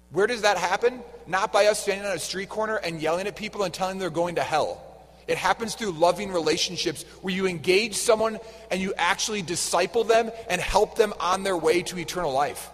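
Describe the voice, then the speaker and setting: A man preaching a homily with a fairly high voice, talking casually and tossing questions at the congregation. His words ring out in a large, echoing church hall. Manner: conversational, quizzes the congregation. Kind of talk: sermon.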